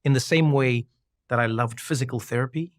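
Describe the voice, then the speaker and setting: Podcast guest, man, lively storyteller, dry close mic. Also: medium pitch, a little fast, no echo. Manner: animated storyteller, acts out quoted voices. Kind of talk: casual conversation.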